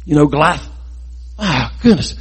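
Husky man retelling a Bible story. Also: fairly high pitch, moderate pace. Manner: animated, folksy, with sound effects.

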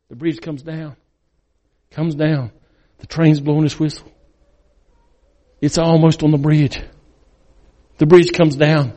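A man preaching as a guest speaker, telling a dramatic story that swings between loud and hushed. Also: on the high side, flat delivery, slow, long pauses. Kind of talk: sermon storytelling. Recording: long reverb in a large hall.

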